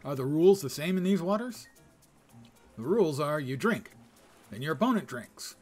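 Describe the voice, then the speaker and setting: A man casually commenting on his game in a relaxed, self-deprecating way, reading game text aloud. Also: on the high side, moderate pace, faint music behind. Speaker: game streamer.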